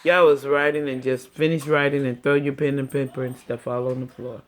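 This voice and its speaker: A woman's voice: rumbling low, little pitch movement, brisk. An older woman, a grandmother, coaxing and teasing her dog in a casual home video, laughing often.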